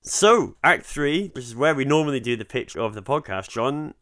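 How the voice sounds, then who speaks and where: A Scottish man co-hosting a podcast, talking in a relaxed, jokey way and swearing freely. His voice is smooth and clear. The recording is close and dry, with no room sound. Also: medium pitch, normal speed, dry recording. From Scotland. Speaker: podcast co-host. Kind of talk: casual chat.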